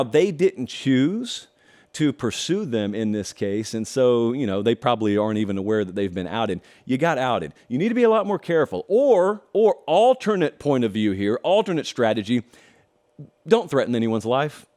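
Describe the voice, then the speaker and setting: A man's voice: mid-range voice, lively intonation, moderate pace, a little mellow. A middle-aged man from the American South hosting a show, giving opinionated commentary in a folksy way, stretching words for emphasis and adding wry asides. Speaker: host.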